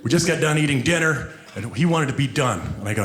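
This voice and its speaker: A man performing a stand-up comedy set, telling stories about his family in an animated way. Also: medium pitch, fast talker, roomy sound. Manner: animated storytelling, acting out quotes.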